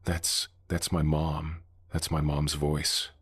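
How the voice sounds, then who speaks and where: A man's voice: rumbling low, completely flat delivery, slow, breathy edge, no echo, studio quality, exaggerated voice. A man voicing a frightened young male park ranger, shaken and pleading.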